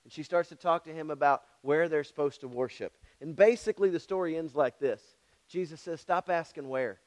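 High, clear-voiced pastor preaching. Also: male voice, fairly quick. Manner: storytelling with frequent "all right?" asides to the congregation; acts out voices in his stories. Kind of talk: sermon.

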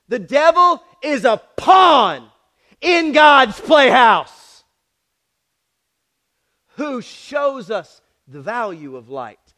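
Emphatic high-voiced preacher. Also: male voice. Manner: dramatic, swings from shouts to near whispers; repetitive, emphatic storytelling with asides to the congregation. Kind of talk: sermon.

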